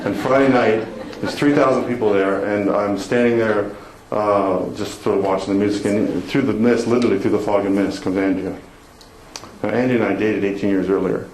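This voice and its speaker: A man's voice: fairly low pitch, steady tone, moderate pace. Man telling a story in an echoey hall. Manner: warm, laughing, self-deprecating storytelling. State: emotional. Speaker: motivational speaker. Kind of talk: storytelling talk to an audience. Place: conference hall before an audience. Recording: echoey hall with room noise.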